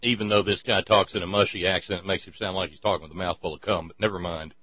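A man's voice: deep voice, steady tone, fast, dry recording. A man mocks sermon clips in sarcastic, rambling commentary, tripping over his own restarts. His voice sits in a middle range. The sound is dry and a little dull, with a faint hum underneath. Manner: mocking, rambling, stuttering restarts.

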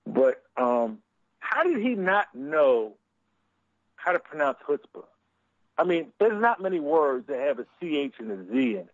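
A man's voice: fairly high pitch, very animated, measured pace, no room sound, muffled recording. Fired-up man with a Philly accent. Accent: Philadelphia. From US Northeast. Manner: profane, rambling, fired up. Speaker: podcast co-host. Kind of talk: casual chat.

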